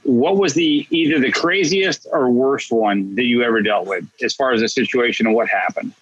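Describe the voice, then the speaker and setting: A man's voice: mid-range voice, normal speed, a bit bright, slightly rough, no room sound. A man hosting an interview, asking questions in a casual, conversational way. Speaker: podcast host. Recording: dull dry lo-fi sound.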